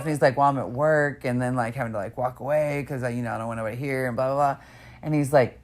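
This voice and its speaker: A young adult woman with a low voice chats casually with her podcast co-host, telling a story at a quick pace. She's an animated storyteller who acts out other people's lines, her voice leaping high whenever she quotes someone.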